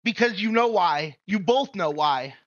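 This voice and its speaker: A man argues defensively in an online voice chat, stammering and cutting in again and again with "wait". His voice is high for a man and bright, with a sharp edge. The sound is dry and a bit dull, like lo-fi voice chat. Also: lively intonation, a little slow, no echo. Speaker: caller in a debate. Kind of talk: heated online debate.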